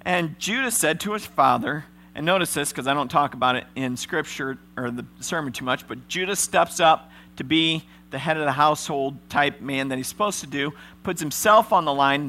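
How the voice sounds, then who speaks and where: A man pastor preaching a sermon in a conversational, animated storytelling way. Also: on the high side. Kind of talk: sermon with scripture reading.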